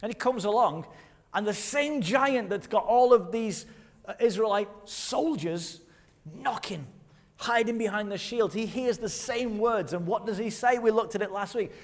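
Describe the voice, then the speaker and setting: A man with a high voice preaches a sermon in a church hall. His voice carries a long reverb. He talks in a lively, conversational way, asking the congregation plenty of rhetorical questions. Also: normal speed. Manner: leads the congregation in call-and-response. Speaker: pastor.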